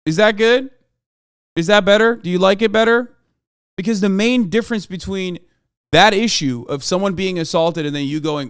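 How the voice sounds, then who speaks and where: Brief: high-voiced male streamer, heated profane rant, smooth clear tone. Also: normal speed, no echo, clean studio sound. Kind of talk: live-stream reaction rant.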